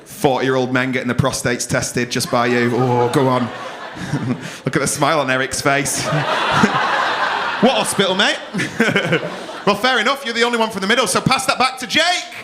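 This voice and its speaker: A man with a fairly high pitch, speaking at normal speed, comperes a live comedy night. He teases the crowd with cheeky, swearing banter, and the comedy club room carries audible crowd noise.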